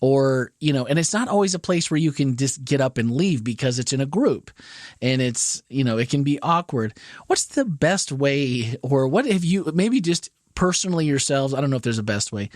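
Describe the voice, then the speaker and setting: A man's voice: medium pitch, expressive, normal speed, dry recording, studio quality. A man hosting a casual church podcast, musing aloud in a thoughtful, rambling way with frequent restarts. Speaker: podcast host.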